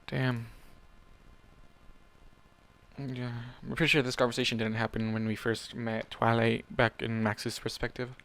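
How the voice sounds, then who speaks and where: A man's voice: mid-range voice, little pitch movement, normal speed, creaky, fairly bright tone. A man reading fan fiction aloud in a plain manner, with casual asides and small self-corrections.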